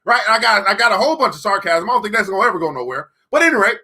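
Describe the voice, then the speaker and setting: A man with a high, bright, sing-song, slightly rough voice leads a live-streamed motivational book discussion. He's emphatic, slowly repeating key lines for effect, and sarcastic, laughing between points.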